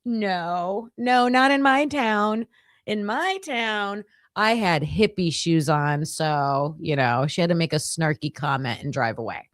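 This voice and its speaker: A woman hosting a livestream, chatting casually with her viewers and telling stories in an animated way. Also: lowish voice, takes it slowly, no echo, studio quality. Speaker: livestream host covering a trial.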